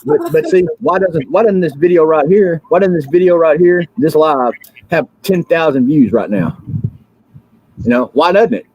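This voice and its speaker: On a livestream, a freshly woken, drowsy American man goes on a fiery political rant, circling back repeatedly amid fillers and restarts. His animated voice is on the high side, darkish and slightly rough, at a moderate pace, and the recording has its highs cut off.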